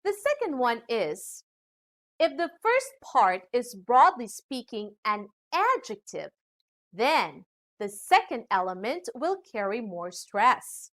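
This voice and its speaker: A woman teacher talks through an English lesson in a rather high voice that swings widely in pitch. She takes her time and sets each example word apart with clear stress. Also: sing-song, takes it slowly, fairly bright tone.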